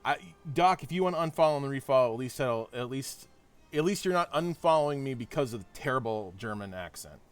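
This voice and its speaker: A man's voice: mid-range voice, lively intonation, fairly quick, soft background music. A man streaming a video game, chatting casually with viewers and poking fun at himself. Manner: chatty, self-deprecating, talks to chat. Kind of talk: casual live-stream chat while gaming.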